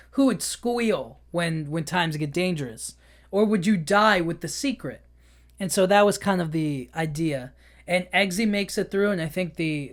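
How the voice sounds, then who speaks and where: A man hosting a podcast, casually retelling a film in a rambling way, full of filler words, with frequent laughs. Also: high voice. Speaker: podcast host. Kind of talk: casual movie recap.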